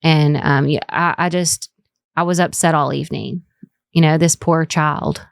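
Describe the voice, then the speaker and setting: A former juror with an Appalachian accent, talking through her memories of a trial in a measured, halting way on a casual podcast. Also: low voice, fairly even intonation, gravelly, no room sound. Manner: measured, recalls trial details with hesitations.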